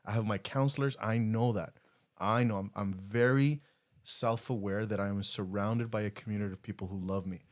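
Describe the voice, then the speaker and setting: A middle-aged man co-hosting a casual podcast, talking earnestly with halting restarts and repeated words. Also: on the low side, steady tone. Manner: earnest, halting, repeats words, laughs when getting emotional. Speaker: podcast co-host.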